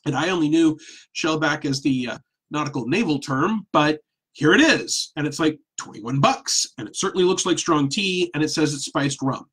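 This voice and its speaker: A middle-aged man tells a personal anecdote in a relaxed, animated way, poking fun at himself. His voice is a bit husky and sits slightly high for a man. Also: moderate pace. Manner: animated, self-deprecating. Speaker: storyteller. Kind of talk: casual storytelling.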